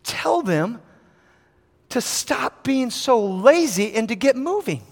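A man preaching a sermon as pastor, acting out quotes with animation and building to shouts. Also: very high voice, very animated, slow, creaky, big-room sound.

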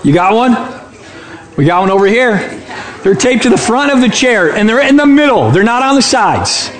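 A man's voice: extremely high pitch, sing-song, moderate pace, roomy sound. A man from Michigan preaching a sermon in a church sanctuary, playful and chatty, teasing the congregation. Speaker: pastor.

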